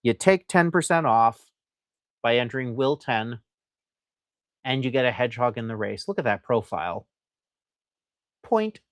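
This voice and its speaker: A chatty, enthusiastic man hosts a live sale of antiques and keeps up a loose, rambling patter. His voice sits at an ordinary middle pitch. The sound is dry and close, with no room echo. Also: normal speed, long pauses. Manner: chatty and enthusiastic, reads viewer comments aloud; loose and rambling, with frequent fillers. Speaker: host selling antiques on a live stream. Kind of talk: live sales presentation.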